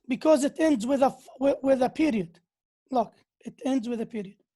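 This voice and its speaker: A woman's voice: high voice, normal speed, warm tone, slightly rough. A woman giving a university English lecture. She slips into to explain, and she acts out the example sentences with exaggerated intonation.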